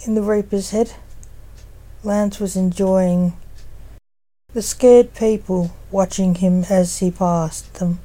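A woman reading a fan story aloud in a steady, even storytelling manner. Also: mid-range voice, takes it slowly, pauses often, low-quality recording. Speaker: story reader.

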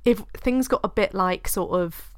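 A woman's voice: mid-range voice, measured pace, dry recording, studio quality. A British woman co-hosting a podcast, chatting in a rambling, candid way and swearing freely. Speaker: podcast co-host. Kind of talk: casual chat.

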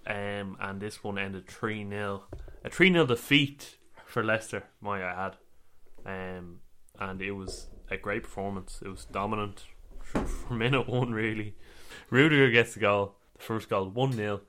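Male podcast co-host, low and bright-toned, relaxed plain match reviewer. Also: a little slow. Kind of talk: casual football chat.

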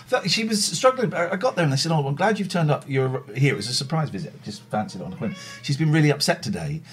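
A middle-aged man chats casually and tells rambling, self-mocking stories. His voice is a little husky, and his pitch swings about a lot as he talks. He swears freely and laughs at himself. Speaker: livestream host. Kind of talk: casual chat.

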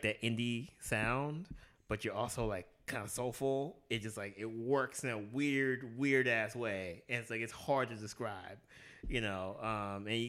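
A man's voice: mid-range voice, sharp tone. A man chatting casually about an album, hesitant and full of fillers. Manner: hesitant, filler-heavy, trailing off. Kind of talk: casual chat about music.

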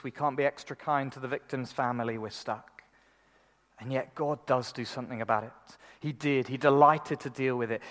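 A man preaching a sermon in an earnest, conversational way, often repeating words as he starts a thought. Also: mid-range voice.

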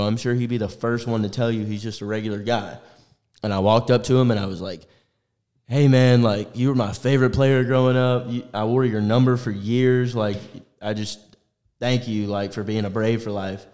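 A young man with a lowish, darkish voice co-hosts a sports podcast. He talks bluntly in casual chat and swears freely.

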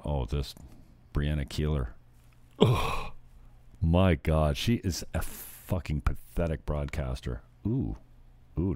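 A man's voice: very deep voice, warm tone. A male show host ranting casually, blunt, profane and mocking. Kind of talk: casual crude comedy rant.

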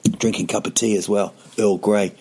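Low, gravelly-voiced male comedian. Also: fairly even intonation, normal speed, a little mellow. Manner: digressive, self-mocking asides. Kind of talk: casual rambling storytelling.

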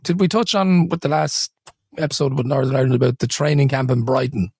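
A man's voice: medium pitch, fast talker, vocal fry, darkish tone, slightly rough, no room sound, studio quality. A man co-hosting a podcast in casual chat, chatty and laughing as he tells it. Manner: chatty, laughs while telling it. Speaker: podcast co-host.

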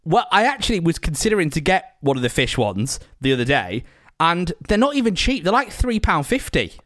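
Playful man with lively pitch. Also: brisk, no room sound, studio quality. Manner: jokey, playful, teasing. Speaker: podcast host. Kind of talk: casual chat.

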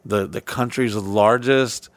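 A man's voice: lowish voice, fairly even intonation, slow, no echo. Man, podcast cohost, rambling profane storyteller, dry close sound. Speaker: podcast host. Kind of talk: casual podcast chat.

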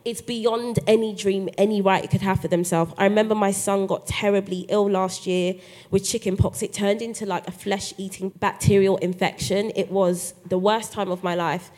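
At a live festival podcast taping, a woman appears as a guest author and shares her story in a mid-range voice at a normal speed. She tells it animatedly and acts out the quoted voices of others.

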